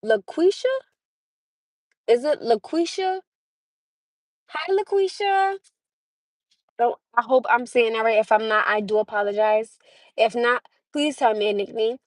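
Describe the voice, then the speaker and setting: A woman's voice: on the high side, moderate pace, dry recording. A young woman hosting a casual livestream, chatting with viewers, laughing often and greeting them by name. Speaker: livestream host.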